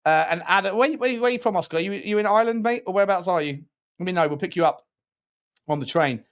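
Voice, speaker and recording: This podcast host's voice is high-pitched, fast, and fairly bright. Hosting a laid-back live-stream football chat, he jokes around and reads viewer messages aloud.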